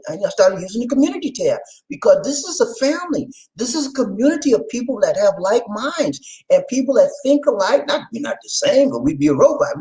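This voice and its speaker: Lively man with animated pitch shouting out viewers. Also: low-quality recording. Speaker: vlog host. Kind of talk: casual direct-to-camera chat.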